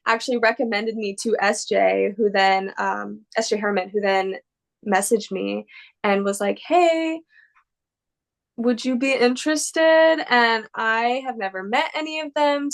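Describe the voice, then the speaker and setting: A woman's voice: mid-range voice, a bit bright. A woman actress answering interview questions in a casual, rambling and gushing way, full of fillers. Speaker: actress guest.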